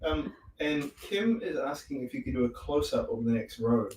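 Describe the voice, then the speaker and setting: A man's voice: medium pitch, lively intonation, moderate pace, darkish tone, a little hiss or hum. A man reads viewer comments aloud on a craft livestream, casual and offhand, with small laughs. He is heard from a distance in an echoey room, with faint clicks in the background. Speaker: livestream co-host reading comments. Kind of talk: casual live chat. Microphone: away from the mic.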